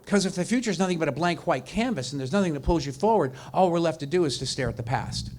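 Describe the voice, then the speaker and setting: A middle-aged man working as an executive coach, telling a story to an audience in a conversational way and growing softer in emotional moments. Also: a little high, animated, quick pace.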